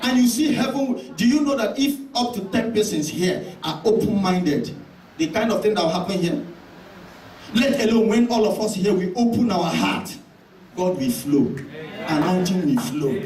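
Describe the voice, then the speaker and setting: A male pastor preaching an impassioned sermon with heavy repetition and shouted declarations. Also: sits high, animated, unhurried, crowd noise. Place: church hall. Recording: echoey church hall, mic at a distance, congregation audible.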